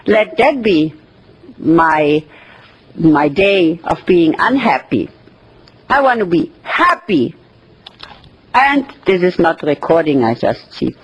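Very husky, slow-speaking woman. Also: medium pitch, poor audio. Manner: slow, expressive, with pauses and soft laughs. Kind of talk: inspirational self-love talk.

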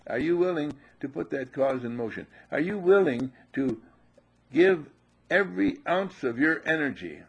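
An older man giving a sermon as a spiritual teacher, emphatic and animated, repeating his phrases and sometimes shouting. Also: mid-range voice, gravelly, husky.

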